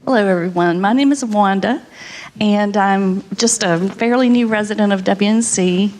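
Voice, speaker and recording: A woman's voice: medium pitch, moderate pace, darkish tone. A woman, a family friend, giving an emotional memorial tribute and at times dropping into a near whisper. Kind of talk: memorial speech. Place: community center memorial service.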